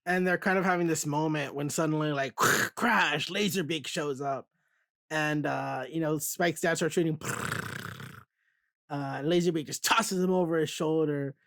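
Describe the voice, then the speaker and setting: A man's voice: fairly high pitch, fairly even intonation, normal speed, no room sound, studio quality. A man hosting a casual comic book show, animatedly retelling scenes and acting out characters' lines. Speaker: podcast host.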